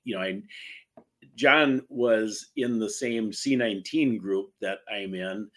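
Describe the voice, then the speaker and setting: Deep-ish guy hosting a talk show, earnest, encouraging tone. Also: takes it slowly. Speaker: host.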